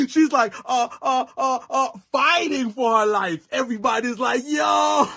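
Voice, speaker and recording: A man casually recapping a reality show episode, animated and laughing often as he acts out what people said. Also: very high voice, moderate pace, slightly rough. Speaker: recap vlogger.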